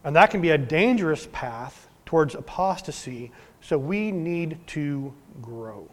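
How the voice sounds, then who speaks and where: A man preaching a sermon as pastor, earnest, swinging from emphatic to hushed. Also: a little high, expressive, a little slow, hardly any pauses. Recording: long hall reverb.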